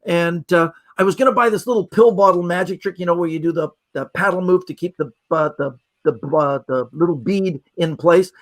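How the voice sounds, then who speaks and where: A man from Canada with a fairly high voice tells stories on a podcast, chatting casually. He acts out the people in his tales as he talks. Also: a little fast, hardly any pauses. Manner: animated storyteller acting out quoted voices. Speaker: magician guest.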